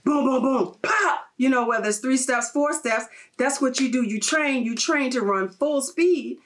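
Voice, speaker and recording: A woman hosts a faith-centered interview with a lively, emphatic delivery. Her voice sits a little high and she drives her points home like a preacher. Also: normal speed. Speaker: host.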